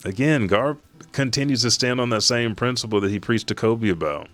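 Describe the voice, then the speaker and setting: A man hosting a manga reaction, retelling a chapter in a profane, animated way. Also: medium pitch, a little fast, soft background music. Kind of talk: casual chapter recap.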